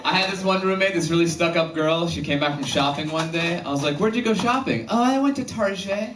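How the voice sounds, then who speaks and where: A man doing a stand-up comedy set about roommates, acting out characters with excitable shouted bits, recorded at a comedy venue. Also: a little high, fast talker. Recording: echoey room, far from mic, noisy.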